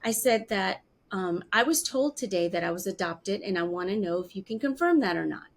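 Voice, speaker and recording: A woman's voice: mid-range voice, a little fast. A woman in her fifties, an interview guest telling a personal story and acting out the voices of the people she quotes. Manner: animated, acts out quoted voices.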